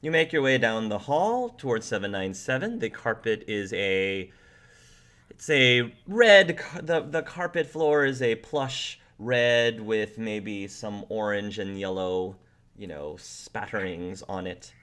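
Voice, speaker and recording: Slow-talking man running a tabletop game. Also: lowish voice, animated, fairly bright tone. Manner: slow, rambling description with restarts. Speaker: game master.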